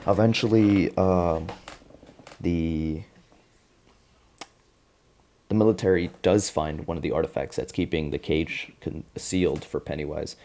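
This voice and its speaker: A man with a very low voice tells a TV episode as a loose, slang-heavy recap. He swears freely and jokes his way through the plot in easy, casual talk. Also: fairly even intonation, a little slow, long pauses, mellow. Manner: profane, slangy, joking recap. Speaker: podcast host recapping a TV show. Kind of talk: casual chat.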